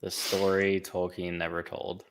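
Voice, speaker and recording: A man's voice: sits low, flat delivery, unhurried, slight background noise. A man in casual chat, making wry, dry remarks.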